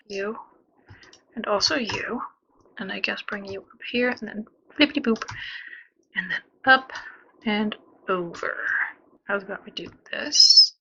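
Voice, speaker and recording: A woman streams herself building a zoo in a game, chatting casually, talking to the animals, making playful sound effects and muttering half-whispered asides. Her mid-range voice is unhurried and sharp, with long pauses. The recording is muffled, with a little hiss or hum.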